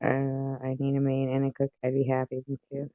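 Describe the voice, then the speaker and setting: A livestream host with a medium-pitched voice chats casually with his live audience, speaking briskly in a completely flat tone. He rambles to viewers and curses at his pets between topics, and the audio sounds narrow and tinny.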